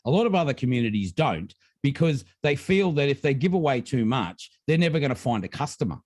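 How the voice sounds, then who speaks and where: A man hosting a livestream prize announcement over a video call, animated and repeating his points for emphasis. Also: mid-range voice, brisk, no echo, clean studio sound. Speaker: host. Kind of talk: live stream prize announcement.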